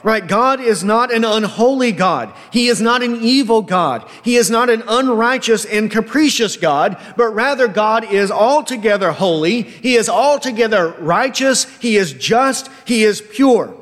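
A man preaching an expository sermon, emphatic and often checking in with a quick "right?". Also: sits high, animated, fairly bright tone, in a large hall. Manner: emphatic, frequent tag question "right?".

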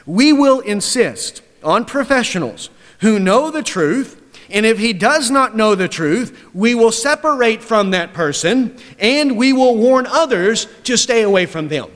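Man, preacher, sermon, emphatic, forceful, highish voice, long hall reverb. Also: animated, a little slow. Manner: forceful, emphatic, rising to loud declarations then dropping low.

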